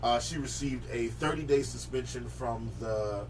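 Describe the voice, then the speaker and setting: A man's voice: mid-range voice, moderate pace, distant mic, poor audio. A man hosts a casual streamed talk show, swearing loosely as he steers the chat. He sits back from the mic, and a faint hiss runs under his voice. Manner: casual and profane, leading the discussion segment. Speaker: host.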